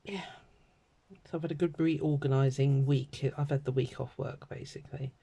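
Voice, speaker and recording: A middle-aged British woman with a croaky throat, chatting and rambling casually while she stamps and colours a card. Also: a bass voice, fairly even intonation, normal speed, dark tone. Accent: British English. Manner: chatty and rambling, many ums and asides. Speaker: craft vlogger.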